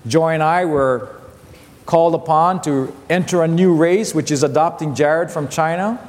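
A man in his fifties preaching a sermon as a pastor, telling stories with animated repetition and acting out his family's voices. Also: on the high side, moderate pace. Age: 50s. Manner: animated storytelling, repeats phrases, acts out family voices. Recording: long hall reverb.

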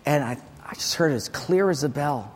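A male pastor's voice, a little high, expressive and brisk, rings out with a long reverb tail through a church sanctuary. He tells a personal story in earnest, quoting the dialogue, and then leads the congregation in prayer.

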